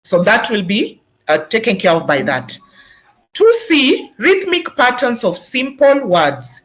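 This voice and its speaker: A Kenyan-accented voice leads a teachers' webinar at a mid pitch. The delivery is patient and explanatory. Words are sounded out slowly, syllable by syllable, to show their rhythm. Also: very animated, a bit bright. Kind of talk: instructional webinar talk.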